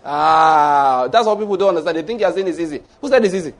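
A Nigerian pastor in full sermon, his voice pitched high for a man. He tells stories and slips into the voices of the people in them. Now and then he bursts into loud, shouted mock prayers. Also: very fast. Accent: Nigerian English.

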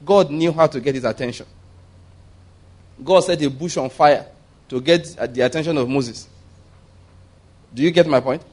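A man preaching a sermon in a humorous, conversational way. He chuckles at his own jokes and jumps up in pitch to stress a point. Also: moderate pace, long pauses. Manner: animated, jumping up in pitch for emphasis.

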